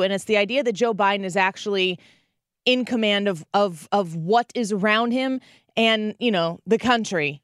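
A woman in her thirties hosting a talk radio show, telling stories with animated energy and acting out the quotes. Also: medium pitch, no echo, studio quality. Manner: animated storytelling, acts out quotes. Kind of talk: conservative talk radio monologue.

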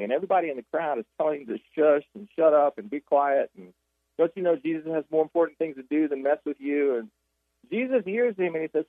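A man's voice: fairly high pitch, fast talker, no echo. Man telling Bible stories over a phone line. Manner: animated storytelling with many restarts. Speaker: author and guest. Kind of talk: radio interview, retelling Bible stories. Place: Jacksonville.

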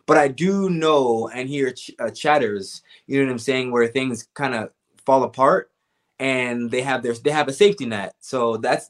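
A young man, a fighter guest, talking casually in an interview, laid back and rambling with lots of fillers. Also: mid-range voice.

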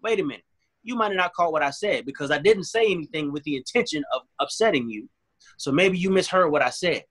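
A man speaks with earnest, animated conviction, slipping into other voices to replay both sides of an argument. His tone is bright and forward and sits a bit high for a man. He sounds like a guest on a remote call. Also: quick pace. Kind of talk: candid interview talk.

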